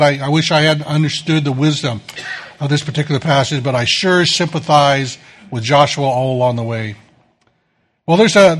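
A middle-aged male pastor giving a sermon, telling self-deprecating stories in a conversational way. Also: on the high side.

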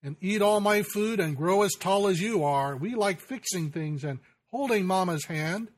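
Guy putting on a little four-year-old boy voice, high and eager, looking up to his dad. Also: expressive, normal speed. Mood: adoring. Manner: recited song lyrics in a raised childlike voice.

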